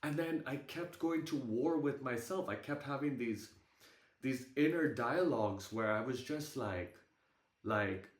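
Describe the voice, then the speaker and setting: A young man on a video call tells a personal story in a candid, halting way. He swears casually as he talks, and his voice sits at an ordinary pitch. The sound has a roomy echo. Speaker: group call participant.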